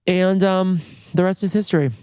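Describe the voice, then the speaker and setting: A man in his thirties hosting a podcast from his bedroom, telling funny stories in a lively way, jumping into high voices when acting out scenes. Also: normal speed, music in the background. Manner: animated, acts out voices with big jumps in pitch. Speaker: podcast host. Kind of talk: comedic storytelling.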